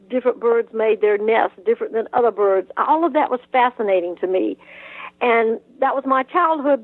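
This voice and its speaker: An older woman from South Georgia with a Southern accent, telling stories as an interview guest, lively and full of restarts. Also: medium pitch, no echo. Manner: animated storytelling, frequent restarts and laughs. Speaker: author guest. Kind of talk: conversational interview. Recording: tinny phone-like line, dry.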